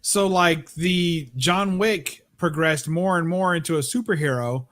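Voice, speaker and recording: A man with a fairly high voice talks in a loose, casual livestream chat. He is blunt and opinionated, swearing freely as he makes his points. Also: unhurried, fairly bright tone. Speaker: livestream co-host.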